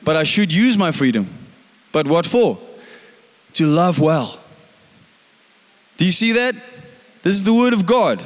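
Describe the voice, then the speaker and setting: A man's voice: on the high side, very animated, measured pace, long pauses, big-room sound. A male pastor preaching a sermon in a conversational way, often putting questions to the congregation.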